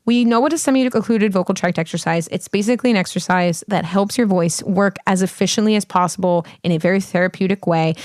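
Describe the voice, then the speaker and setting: A woman vocal coach talks through singing technique in a loose, chatty way, swearing freely and getting salty. Her voice sits at an ordinary middle pitch, and the recording is dry and close, with no room sound. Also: no echo. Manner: blunt, profane, salty; emphatic, chatty with many fillers. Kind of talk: casual spoken explainer.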